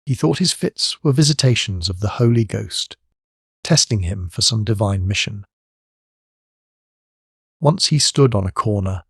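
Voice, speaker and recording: A man's voice: fairly low pitch, no echo, clean studio sound. A man reading the part of a young male pirate lieutenant in an audiobook, speaking with a wry, knowing tone.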